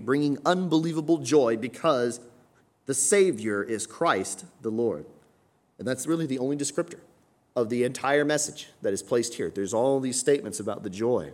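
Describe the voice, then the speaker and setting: A man's voice: mid-range voice, a little mellow. A man preaching a sermon in a conversational teaching manner, often tagging points with a questioning aside and lifting his voice on key phrases. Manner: conversational teaching, frequent "right?" tags, rising emphasis on key phrases.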